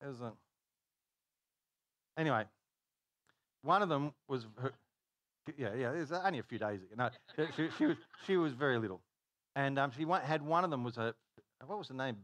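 A man's voice: medium pitch, animated, a little fast, pauses often, a bit bright, no echo. A man preaching a conversational sermon, telling stories, stopping himself mid-sentence and acting out dialogue. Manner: chatty, self-interrupting, acts out dialogue.

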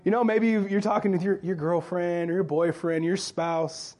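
A man's voice: high voice, flat delivery, moderate pace, darkish tone. A male pastor preaching a sermon in church in a loose, joking, conversational way, often asking the crowd questions.

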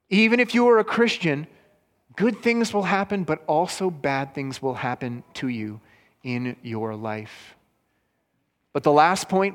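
A man preaching a sermon, retelling a story simply for children, with his voice rising for the quoted lines. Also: fairly high pitch. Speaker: pastor. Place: church hall. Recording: long hall reverb.

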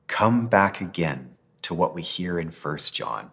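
A man preaching a sermon as pastor, earnest and gentle, ending in a prayer. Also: deep voice, expressive, a little slow, gravelly, slightly rough.

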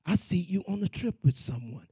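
A man preaching and telling a personal testimony in an animated, repetitive, conversational way. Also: high voice, brisk, husky, dry recording. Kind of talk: sermon testimony storytelling.

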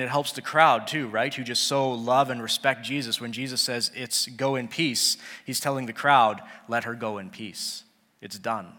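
A man's voice: on the high side, sharp tone. A man preaching a sermon, who talks casually and acts out the people he quotes. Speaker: pastor. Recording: long hall reverb.

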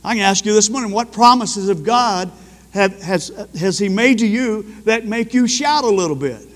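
A high-pitched man preaching with fervent energy, his voice swelling into loud bursts of praise. The sound rings with a long reverb, like a church hall. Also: expressive, moderate pace. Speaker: pastor. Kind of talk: sermon.

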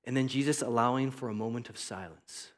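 A man's voice: mid-range voice, a little fast. A man giving a devotional Bible teaching in an earnest, reflective and conversational way. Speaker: preacher.

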